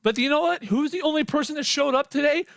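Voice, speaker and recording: A man ranting as a sports fan in a reaction video, heated and profane, repeating himself and building to shouts. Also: very high voice, fast talker, vocal fry, dry recording, clean studio sound.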